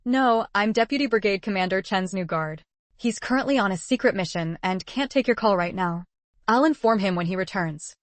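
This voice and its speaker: A woman's voice: mid-range voice, expressive, normal speed, no room sound, natural voice. A woman voicing a formal young male guard on a phone line in a storybook recap.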